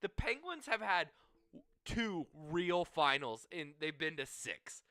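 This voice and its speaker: Bright, crisp-voiced man. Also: on the high side, big pitch swings, slow pace, no echo. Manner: profane, storytelling, laughs often. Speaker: podcast co-host. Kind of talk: casual sports chat.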